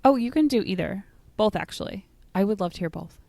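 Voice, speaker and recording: A woman's voice: medium pitch, lively intonation, fairly quick, creaky, dark tone. A woman co-hosting a podcast, chatting casually and giving strong opinions, often saying "like". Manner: chatty and opinionated, fills talk with "like". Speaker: podcast co-host. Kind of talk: casual chat about musical theater.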